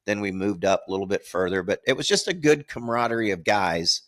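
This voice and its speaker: Older male podcast co-host, low voice, rambling anecdotal storyteller who chuckles at himself. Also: fast, fairly bright tone. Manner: rambling, repeats words, laughs at own stories. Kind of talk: casual storytelling.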